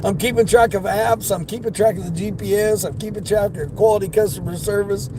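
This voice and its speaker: Chatty high-voiced man in a noisy car. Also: fairly even intonation, brisk. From Midwestern United States. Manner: chatty, laughs often, greets viewers by name. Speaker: delivery driver livestreaming. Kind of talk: casual live-stream chat while driving. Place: inside a car on the road. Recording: road and car noise behind.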